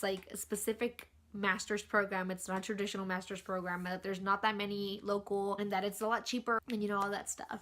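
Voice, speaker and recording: A young woman vlogger recounts a personal story straight to camera in a casual, chatty way. She leans on "like" as a filler constantly. Her voice sits at an ordinary middle pitch for a woman. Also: a bit bright. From California.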